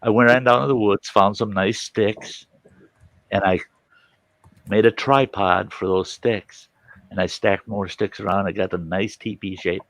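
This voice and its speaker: A man's voice: lowish voice, a little slow, dry recording. A man hosting a casual chat, telling a childhood story and acting out his family's voices. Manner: animated, acts out voices of family members. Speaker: host.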